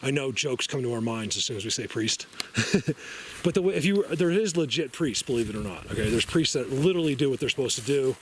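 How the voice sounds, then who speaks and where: A man vlogging outdoors in a forest, talking casually to camera in an excitable, rambling way and laughing often. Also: medium pitch, a little fast, slight background noise.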